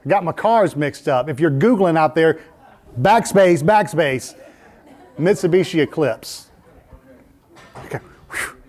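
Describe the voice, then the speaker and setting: A pastor preaching a sermon in a church, telling a story in an animated way and laughing at himself. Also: male voice, on the high side, measured pace, long pauses. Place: church sanctuary.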